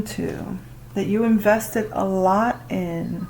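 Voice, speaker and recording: A woman doing a casual tarot reading, talking to the listener and reacting out loud with exclamations as she turns the cards. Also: medium pitch, steady tone, unhurried, slight background noise, rough recording. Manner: chatty, exclaims and laughs while reading cards. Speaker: tarot reader.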